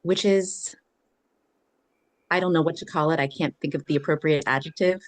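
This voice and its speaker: A woman from Pennsylvania co-hosting a podcast, telling lively anecdotes and acting out the voices of the people in them. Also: low voice, normal speed. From eastern Pennsylvania, USA. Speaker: podcast co-host. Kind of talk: casual chat.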